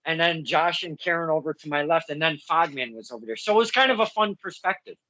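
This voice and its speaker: A man's voice: a little high, fast, vocal fry. A man hosting a casual interview, telling stories with lots of laughs and acting out the other side of the talk. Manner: animated storyteller, acts out quotes, laughs often. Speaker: podcast host. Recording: dull lo-fi sound.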